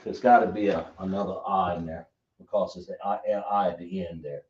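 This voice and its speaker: A man teaching a language lesson, speaking slowly and often checking whether his listeners understand. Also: sits low, a little mellow. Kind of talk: classroom lesson. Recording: echoey room, dull lo-fi sound.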